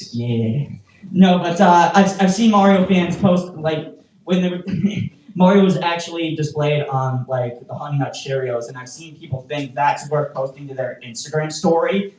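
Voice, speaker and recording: A stand-up comedian doing a rambling, self-mocking set with crowd work, full of stammered restarts and sudden loud mocking outbursts. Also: medium pitch. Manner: bursts into loud mocking shouts. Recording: roomy, voice picked up from a distance.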